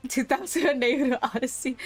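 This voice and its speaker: Brief: chatty woman streamer, fairly high voice, reads game narration and reacts, soft music behind. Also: moderate pace. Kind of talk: live-stream game story playthrough.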